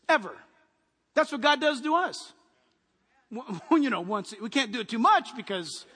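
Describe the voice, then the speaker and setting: Man, pastor, punchy sermon delivery, bright edgy tone, long hall reverb. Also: extremely high pitch. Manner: forceful, punchy preaching with lists and asides.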